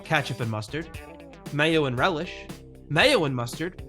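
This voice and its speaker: Bright-voiced playful man on a podcast. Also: fairly high pitch, expressive, measured pace, soft background music. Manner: playful, goofy jokes. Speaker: podcast co-host. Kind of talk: casual chat.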